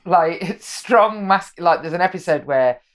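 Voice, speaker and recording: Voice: mid-range voice, expressive, a little slow, a bit bright. Podcast guest just chatting, says like constantly, acts stuff out. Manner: rambling, heavy use of "like", acts out quotes. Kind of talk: casual chat.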